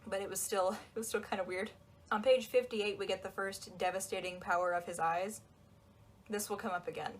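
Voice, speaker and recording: A young woman giving casual, sarcastic commentary on a book, acting out quotes in quick asides. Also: medium pitch, a little hiss or hum, poor audio. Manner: sarcastic, chatty, acts out quotes.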